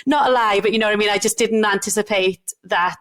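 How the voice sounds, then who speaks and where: A woman in her thirties, a doctor in GP training, co-hosting a casual podcast chat, animated and laughing often as she trails off and restarts. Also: medium pitch, fast talker.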